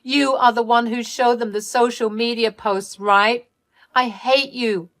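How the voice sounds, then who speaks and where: A woman voicing a selfish young woman who pleads and shouts in a shrill, frantic way in a read-aloud family drama story. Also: expressive, unhurried, no echo, studio quality. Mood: angry.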